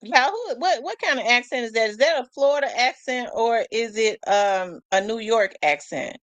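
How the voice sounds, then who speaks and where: A chatty woman host talking casually to her viewers, her voice pitched a little high. She keeps asking questions aloud as she thinks, and the sound is close and dry. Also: lively intonation, normal speed, a bit bright, no echo. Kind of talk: casual live commentary.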